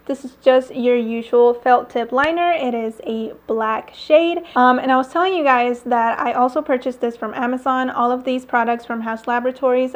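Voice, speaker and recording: A woman talking through a casual makeup tutorial at home, chatty, with lots of fillers and little laughs. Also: on the high side. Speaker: beauty vlogger. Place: home, airplanes passing nearby.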